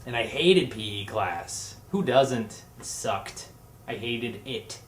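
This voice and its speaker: A man's voice: medium pitch, animated, slow, slight background noise. A young man vlogging, telling comedic stories in a rambling way and acting out the other people's voices. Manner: jokey, rambling, acts out voices in his stories. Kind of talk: comedic storytelling vlog. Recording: echoey room.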